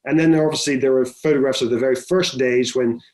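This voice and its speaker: A man's voice: mid-range voice, steady tone, quick pace, darkish tone. A middle-aged man, a film director, telling stories in a chatty interview with many restarts. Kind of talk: conversational interview.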